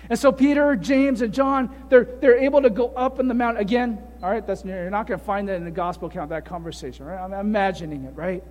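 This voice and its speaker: A male preacher with a very high voice leads a sermon, telling the story with animation and asking his listeners one rhetorical question after another. The sound rings out with a long echo, as in a big hall. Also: fast, hardly any pauses, a little hiss or hum. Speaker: pastor.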